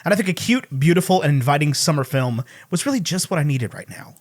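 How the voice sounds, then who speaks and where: A man's voice: on the high side, expressive. A man co-hosting a movie podcast, joking and teasing in casual chat. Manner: joking, teasing, quick asides. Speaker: podcast co-host.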